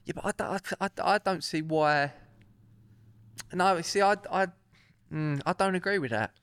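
A man's voice: high-pitched, moderate pace, fairly bright tone, clean tone, no room sound. A young man, chatting casually and laddishly as a podcast co-host. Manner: chatty, laddish, swears freely. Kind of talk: casual banter, reading gossip news aloud.

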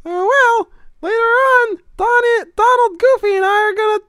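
A man's voice: very high voice, measured pace, sharp tone, no echo, clean studio sound, pitched above the performer's own voice, full character voice. A man voicing a crude, vulgar male cartoon mouse, taunting and cackling.

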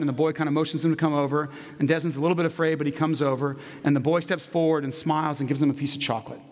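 A man preaching, telling a children's story in a gentle, narrative manner. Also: a little high, long reverb tail. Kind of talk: sermon storytelling.

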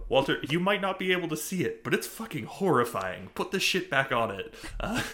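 A man's voice: a little high, big pitch swings, normal speed, pushed and bright, a little hiss or hum. A man co-hosting a TV recap podcast, chatting casually with many fillers, laughs and swearing. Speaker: podcast co-host. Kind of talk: casual chat.

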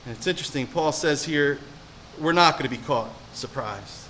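A male pastor giving an animated sermon, swinging between hushed and loud delivery and often putting questions to his listeners. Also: on the high side, normal speed, a little hiss or hum.

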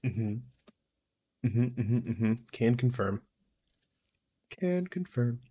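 A man's voice: mid-range voice, animated, extremely slow, mellow, husky. A man co-hosting a podcast in casual chat, rambling with restarts and easy laughter. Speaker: podcast co-host.

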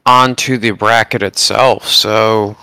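A man with a smooth, resonant voice chats casually as a podcast co-host, relaxed and loose with the swearing. The sound is dry and close, with no room around it. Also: on the low side, takes it slowly, no room sound, low-quality recording. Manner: laid-back, swears freely. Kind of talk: casual chat.

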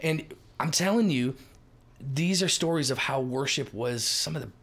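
A middle-aged man from Minnesota, telling ministry stories in a lively, emphatic way as a podcast guest. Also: medium pitch, breathy edge. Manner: lively, emphatic, quick shifts in loudness. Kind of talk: animated storytelling in a podcast chat.

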